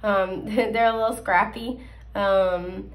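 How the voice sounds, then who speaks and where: A woman's voice: mid-range voice, steady tone, slow. A young woman hosting a casual tarot reading, chatty and full of fillers and small laughs, her voice scratchy from allergies. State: scratchy voice, coughing. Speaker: tarot card reader. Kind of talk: casual pick-a-card reading.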